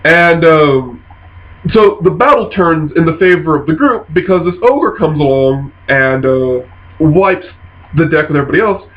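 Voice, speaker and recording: Animated man retelling a game session. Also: a little high. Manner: animated, quick bursts of voiced quotes. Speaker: tabletop game player telling a story. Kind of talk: casual storytelling. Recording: dull lo-fi sound.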